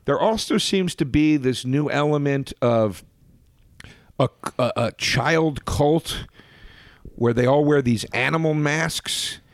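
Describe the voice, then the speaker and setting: A man co-hosting a podcast in casual chat, animated, often restarting sentences and jumping up in pitch for emphasis. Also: slow, no room sound, clean studio sound. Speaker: podcast co-host.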